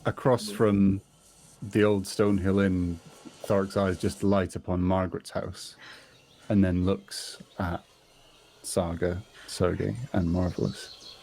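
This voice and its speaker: A man's voice: sits low, level tone, slow, gravelly, dark tone. A man in a tabletop game who narrates his character's actions and pleads earnestly in character. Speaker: player.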